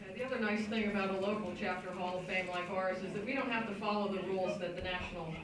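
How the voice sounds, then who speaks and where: A woman's voice: medium pitch, fairly even intonation, fast, a crowd in the background. A woman emceeing a hall of fame ceremony, introducing inductees in a casual, joking way. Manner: casual and joking, loose asides. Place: banquet hall. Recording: echoey hall recorded from far off.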